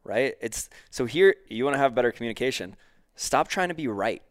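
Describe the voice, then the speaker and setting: A man co-hosting a casual podcast, telling stories and acting out quoted people with lively jumps in his voice. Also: a little fast, no echo, studio quality. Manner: animated storyteller, acts out quoted characters with big pitch jumps. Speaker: podcast co-host.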